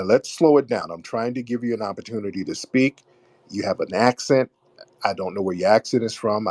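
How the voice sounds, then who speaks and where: A man's voice: lowish voice, darkish tone. A commanding man runs a live call-in show. He talks in a blunt, scolding way, and his voice jumps up and down a lot. The sound is dry, with no room echo. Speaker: host.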